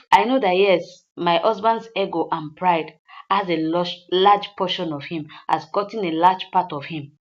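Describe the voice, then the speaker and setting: A loyal wife stands up for her husband, firm and insistent, as a woman recaps her. The voice sits a little low. The recording is slightly dull and lo-fi.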